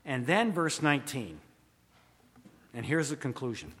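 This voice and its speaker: A man preaching a sermon as pastor, dramatic, swinging from loud emphasis to hushed asides. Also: medium pitch, very animated, unhurried, a little hiss or hum. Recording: long hall reverb.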